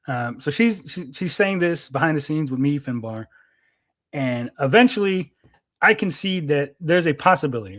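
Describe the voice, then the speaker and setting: A man's voice: on the high side, no echo, studio quality. A man hosting a livestream, telling a long story in a rambling, agitated way, with many fillers and constant "right?" checks. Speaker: livestream host.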